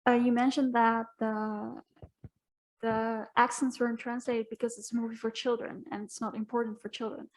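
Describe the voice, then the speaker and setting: A woman's voice: a little high, flat delivery, moderate pace, a little mellow, low-quality recording. A woman in the audience asking a question hesitantly, restarting as she goes.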